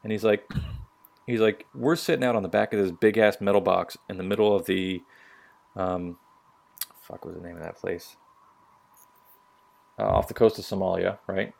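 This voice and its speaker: A man's voice: low-pitched, fairly even intonation, normal speed, creaky, pauses often, darkish tone. A man, a military veteran, telling stories on a casual podcast in a blunt, profane way and acting out what people said. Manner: profane, blunt, acts out quotes.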